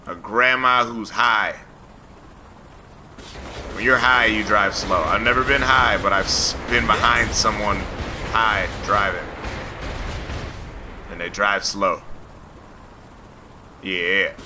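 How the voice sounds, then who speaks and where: A man's voice: fairly low pitch, steady tone, slow, pauses often, background noise. A man hosting a let's play, rambling, teasing and talking back to the game as he plays. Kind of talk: joking gameplay commentary.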